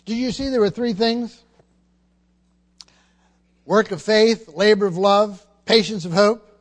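A man's voice: sits high, slow. A man preaching a sermon, emphatic and teaching, often repeating words and asking the congregation questions.

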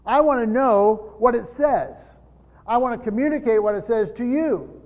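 A man with a high voice teaching a Bible lesson from a church pulpit. He speaks with emphasis and keeps posing rhetorical questions to the room. The recording is dull and lo-fi, with a long hall reverb trailing each phrase. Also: moderate pace. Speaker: pastor teaching Bible study. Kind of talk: teaching sermon.

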